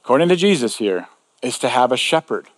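A man's voice: mid-range voice, sing-song, fairly quick. A man preaching a sermon to a room, in a conversational way with frequent asides. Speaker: pastor. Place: large room before an audience. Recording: long reverb in a large hall.

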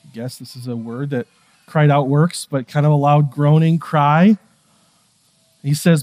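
Male pastor, fairly high voice, casual sermon delivery that drops to a hush and then builds up loud. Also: fairly even intonation, unhurried, long pauses. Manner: swings from hushed, quiet passages to raised, emphatic ones; conversational, with fillers and asides.

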